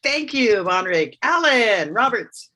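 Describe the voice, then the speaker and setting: A woman hosting an online networking meeting over a video call, upbeat and brisk as she calls on each guest. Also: fairly high pitch, very animated, sharp tone. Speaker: host.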